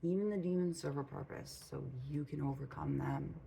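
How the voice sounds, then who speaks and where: A woman's voice: low voice, normal speed, gravelly, warm tone, a little hiss or hum, rough recording. A woman giving blunt, profane spiritual advice in a casual monologue, repeating phrases for emphasis. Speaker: spiritual channel host. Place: home room with a cat.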